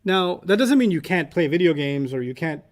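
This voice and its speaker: A man's voice: fairly high pitch, animated, normal speed. A man teaching Arabic vocabulary in a casual class, quizzing students and telling humorous stories.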